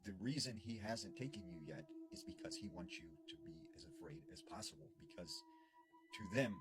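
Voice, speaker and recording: A man's voice: very high voice, wildly swooping pitch, normal speed, pitched above the performer's own voice, exaggerated voice. A man voicing a solemn old medicine man. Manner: solemn, warning. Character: grave older male medicine man giving a warning.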